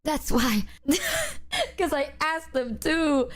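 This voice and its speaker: A woman's voice: fairly high pitch, expressive, brisk. A woman hosting a livestream, chatting casually with viewers in a rambling way, often losing her train of thought. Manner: chatty with frequent fillers. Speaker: livestream host.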